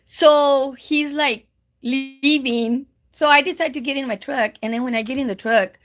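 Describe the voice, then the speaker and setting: A woman in her 50s chats casually on a live stream, rambling and using lots of fillers while slipping Spanish phrases into her English. Her voice is high and steady, and she speaks a little slowly.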